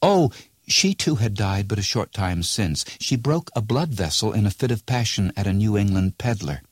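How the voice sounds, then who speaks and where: A man voicing a young village mother who talks softly and sadly in a lightly raised voice. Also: lowish voice, expressive, normal speed, husky, no echo, studio quality. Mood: wistful.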